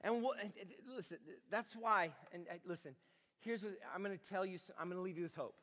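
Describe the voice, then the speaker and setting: A man preaching a sermon to a congregation, swinging from quiet conversational talk to loud shouting. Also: sits high, brisk, a faint crowd. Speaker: pastor. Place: large room with congregation. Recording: long hall reverb.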